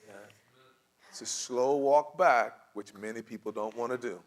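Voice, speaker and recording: A man's voice: mid-range voice, normal speed. A man leading a church conflict class, teaching conversationally and acting out quoted voices with frequent laughs. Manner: animated, acts out quoted voices, laughs often.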